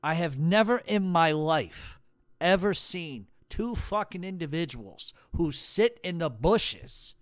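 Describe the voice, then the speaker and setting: A man's voice: high voice, no room sound, clean studio sound. A man with a New York accent hosting a podcast, delivering a blunt, heated rant full of swearing. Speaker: podcast host. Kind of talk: profane angry rant.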